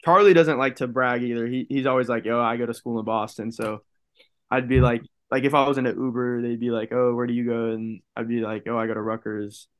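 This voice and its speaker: A young man, a college football player, talking casually in a podcast interview, telling stories in a relaxed way and saying "like" often. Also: mid-range voice, fairly quick. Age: young adult. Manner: relaxed storytelling, heavy use of "like".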